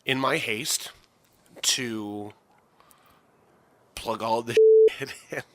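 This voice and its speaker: A man's voice: medium pitch, drawn-out words, no room sound. A man co-hosting a casual podcast, ranting profanely and exasperatedly about his week. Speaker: podcast co-host. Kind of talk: casual chat.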